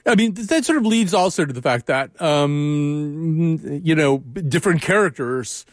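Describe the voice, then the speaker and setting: A man interviewing a guest, thinking aloud with many halting restarts. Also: fairly high pitch, lively intonation, no echo, clean studio sound. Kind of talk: radio interview conversation.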